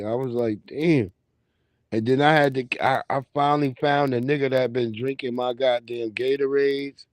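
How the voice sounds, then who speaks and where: A man's voice: on the high side, a little mellow, no echo. Profane, laughing man telling stories. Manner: profane, laughing storyteller greeting his chat. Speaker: livestream host. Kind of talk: casual livestream chat.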